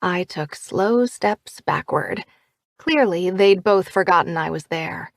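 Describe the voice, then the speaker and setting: A woman narrating a first-person audiobook in a lively, expressive way. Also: on the low side, takes it slowly, gravelly, no echo, studio quality.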